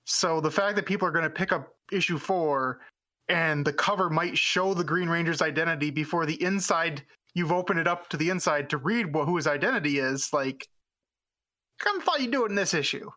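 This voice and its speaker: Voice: mid-range voice, a little fast, bright, forceful tone. A podcast co-host in casual chat, explaining things at length as a comic-book fan.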